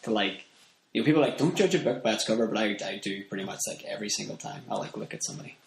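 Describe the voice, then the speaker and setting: A man's voice: lowish voice, expressive, rapid-fire, creaky. A Northern Irish man chatting casually as a podcast guest, rambling with lots of fillers and restarts. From Ireland. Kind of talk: casual chat. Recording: roomy echo, faint background noise.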